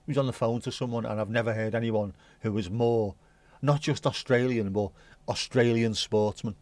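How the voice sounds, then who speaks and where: A man's voice: mid-range voice, fairly even intonation, normal speed, darkish tone, no room sound. Chatty man hosting a livestream. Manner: rambling and chatty, swears casually, hums little tunes. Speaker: livestream host. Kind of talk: casual livestream chat.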